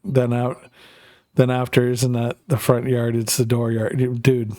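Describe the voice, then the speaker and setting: A man's voice: medium pitch, flat delivery, unhurried, mellow, no room sound. Male Canadian streamer, loose profane banter over gameplay, close dry sound. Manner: rambling, profane, jokey. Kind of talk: casual chat while gaming.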